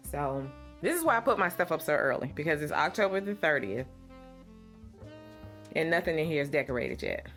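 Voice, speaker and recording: A woman's voice: deep voice, very animated, fairly quick, a bit bright, soft background music. A middle-aged woman, talking to viewers in a casual vlog, telling a story dramatically with repeated phrases while her voice trembles. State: shaken, voice trembling. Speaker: lifestyle vlogger.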